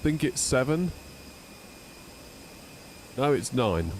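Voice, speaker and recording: A man chatting casually on a live stream, rambling and jumping up in pitch when exasperated. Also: big pitch swings, drawn-out words, darkish tone, slight background noise. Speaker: flight sim streamer.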